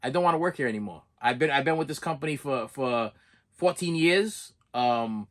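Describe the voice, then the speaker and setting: A man's voice: medium pitch, lively intonation. Emotional man telling a personal story. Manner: halting, repeats words, voice rises when upset. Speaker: movie collecting channel host. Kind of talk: personal emotional vlog monologue.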